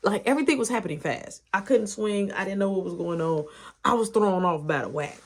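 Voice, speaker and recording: A woman telling an animated story in a casual, slangy way, acting out the action with sound effects and quoted lines. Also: medium pitch, fairly quick.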